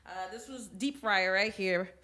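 A woman's voice: mid-range voice, measured pace, sharp tone. A woman chef guesting on a podcast, chatting enthusiastically about kitchen life. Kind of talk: casual podcast chat.

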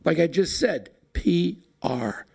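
A man's voice: on the high side, lively intonation, slow pace, vocal fry, darkish tone, slightly rough. A brash, joking man with a New York accent hosting a podcast in casual chat. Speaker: podcast host.

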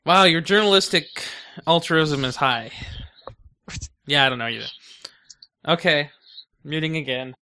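A man's voice: fairly high pitch, measured pace, pauses often, pushed and bright. A man on a casual podcast who makes short teasing quips and handles the editing. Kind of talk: casual chat.

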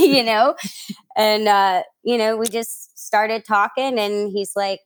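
At a slow pace and medium pitch, a young New York City woman recounts stories as a guest in a casual interview. She chats and laughs freely, with many fillers and acted-out quotes.

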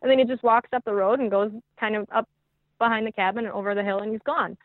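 A woman guest telling a hunting story in a podcast chat, excitable and quick, with many fillers. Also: mid-range voice, no echo. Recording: tinny phone-like line, dry.

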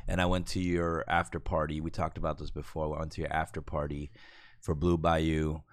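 A man hosting a casual podcast, animated, laughing often and swearing while telling stories. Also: a bass voice, a little fast, dry recording. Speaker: podcast host.

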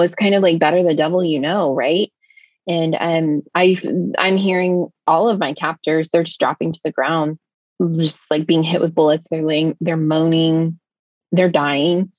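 A woman from the United States speaks as a guest, recounting a personal ordeal in a vivid, tumbling way, leaning on filler words. Her voice sits fairly low. The recording is dry and slightly muffled. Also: no echo. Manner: vivid, breathless retelling with frequent "like" fillers. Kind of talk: emotional personal storytelling.

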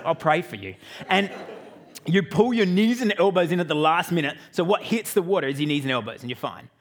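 An Australian man giving a sermon as a pastor, telling a family story with joking asides to the congregation. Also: fairly high pitch. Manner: lively, joking asides to the audience.

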